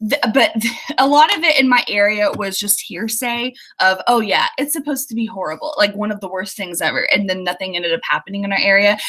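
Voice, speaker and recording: A woman's voice: medium pitch, sharp tone. A young woman, an author, chatting casually and giggling as she reads viewer comments during a livestream. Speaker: author hosting a writing livestream.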